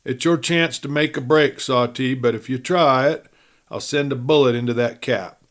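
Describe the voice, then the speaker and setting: A man voicing a calm male gunman in a western story, speaking in a cool, steady drawl. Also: mid-range voice, normal speed, natural voice.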